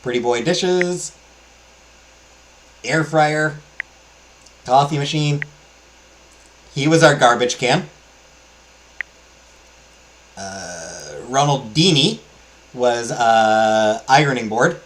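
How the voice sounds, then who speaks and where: Male let's-play host, casual, enthusiastic, filler-heavy, average pitch. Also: lively intonation, drawn-out words, long pauses, a little hiss or hum, low-quality recording. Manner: rambling, enthusiastic, many fillers. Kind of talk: casual game commentary.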